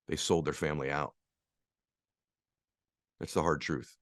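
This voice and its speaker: A man giving a motivational speech, earnest and repetitive, asking rhetorical questions and leaning slowly on key phrases. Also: rumbling low, level tone, no room sound, studio quality. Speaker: motivational speaker.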